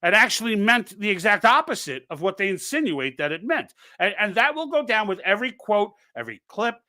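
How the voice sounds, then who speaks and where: This man hosts a political stream live, talking off the cuff with lots of false starts and side remarks as he urges his audience on. His voice is high and sharp, very animated, and fairly quick.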